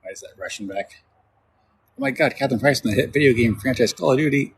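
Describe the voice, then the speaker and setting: A man's voice: mid-range voice, expressive, quick pace, slight background noise. A man reading out viewer questions and answering them in loose, rambling casual chat on a live stream.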